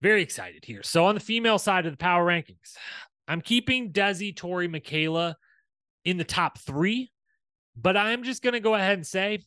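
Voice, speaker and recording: Man, podcast host, excited chatty recap, dry close sound. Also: a little high, no room sound. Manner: enthusiastic, chatty, animated. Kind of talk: solo recap commentary.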